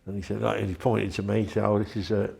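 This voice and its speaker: This older man's voice is lowish, level and dark, with a creaky quality and a quick pace. During an interview, he rambles through a chatty anecdote, performing the voices of the people involved.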